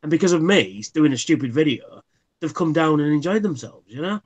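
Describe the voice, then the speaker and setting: A man's voice: a little high, animated, a little fast, darkish tone, dull audio. A man, a livestream guest, telling anecdotes casually and acting out what people said. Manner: anecdotal, acts out quotes. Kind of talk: casual chat.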